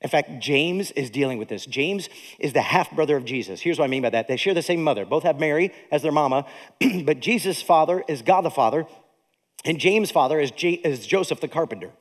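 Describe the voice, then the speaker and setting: Male pastor, sermon, high voice, lively swings, long hall reverb. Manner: animated preaching with dramatic pauses.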